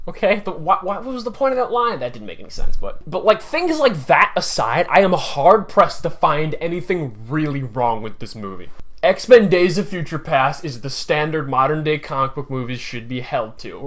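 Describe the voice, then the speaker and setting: A man giving a casual, excitable movie review, packed with "like" fillers and acted-out scenes. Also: a little high.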